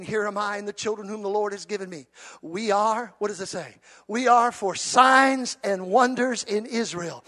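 High-voiced fervent preacher man. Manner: swings from shouted, fervent preaching to soft, conversational storytelling. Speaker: pastor. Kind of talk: sermon.

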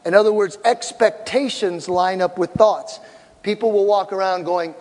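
A middle-aged man preaching a sermon as a pastor, animated and acting out the voices in his stories. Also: high-pitched, normal speed, long reverb tail.

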